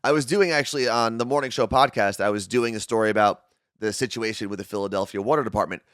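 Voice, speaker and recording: A man from New Jersey with a New Jersey accent, co-hosting a casual chat podcast and talking in an animated way with quick asides. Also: fairly low pitch, dry recording, clean studio sound. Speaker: podcast co-host.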